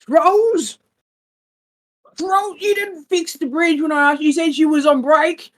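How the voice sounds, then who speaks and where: A woman's voice: high-pitched, slow, voice pushed up. A woman voicing an irritable male villain who commands zombies, grumbling and exasperated. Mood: accusing.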